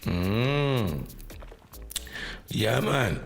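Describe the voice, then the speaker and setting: A man hosting a live podcast in casual chat, animated and teasing, laughing often and slipping into patois. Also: mid-range voice, extremely slow, creaky. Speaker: podcast host. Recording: echoey room with faint music.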